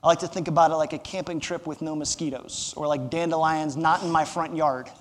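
A pastor with a high voice preaching a sermon. He talks to the congregation like a conversation, poses rhetorical questions and slips in small jokes. His voice rings through the long reverb of a large church hall. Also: fairly even intonation, fairly quick. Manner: light humor.

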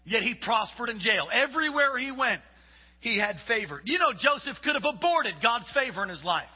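High husky preacher guy in a big echoey hall, kinda muffled lo-fi sound. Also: big pitch swings, normal speed. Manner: preaching with rising shouts and acted-out quotes. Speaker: pastor. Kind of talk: sermon.

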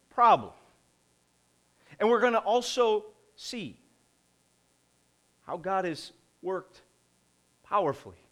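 A middle-aged man preaching a conversational sermon, posing rhetorical questions and pausing deliberately. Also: a little high, a bit bright. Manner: slow, deliberate delivery with pauses. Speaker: pastor.

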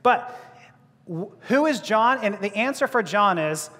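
A man's voice: high voice, lively intonation, unhurried, sharp tone. A male preacher giving a sermon, joking and laughing as he talks, often restarting his words. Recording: long reverb of a large hall.

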